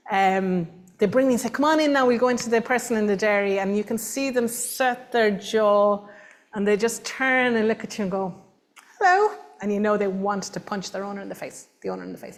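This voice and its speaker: A woman with an Irish accent giving a lively, emphatic workshop talk to a room of people, now and then acting out what others say. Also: medium pitch. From Ireland. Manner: animated, emphatic, acts out voices of others. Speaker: workshop presenter. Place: meeting room with audience.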